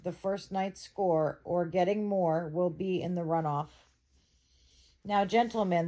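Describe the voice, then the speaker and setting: A woman's voice: medium pitch, darkish tone, close to an everyday voice. A woman reading aloud as a male head judge of a hound contest, formally announcing the rules in her own plain voice.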